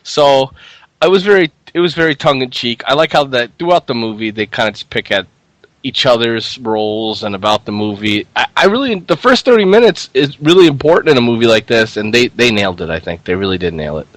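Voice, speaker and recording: A man's voice: mid-range voice, brisk, a bit bright, dry recording. A man co-hosting a casual film review chat, retelling scenes and laughing often.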